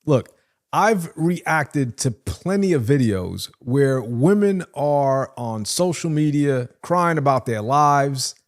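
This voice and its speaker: Brief: man, reaction-video host, slow and deliberate, lively sing-song pitch, lectures with emphasis. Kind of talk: reaction commentary.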